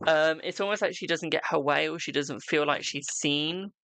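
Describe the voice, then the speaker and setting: Gravelly tarot reader chatting live. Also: medium pitch, moderate pace, fairly bright tone, no room sound. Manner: chatty, calls viewers "my darling", laughs often. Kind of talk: casual live-stream chat and card reading.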